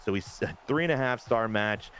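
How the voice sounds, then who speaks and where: A man giving a casual recap of his wrestling game league, excitable and swearing now and then. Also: mid-range voice, fairly quick, slight background noise. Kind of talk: casual gameplay recap commentary.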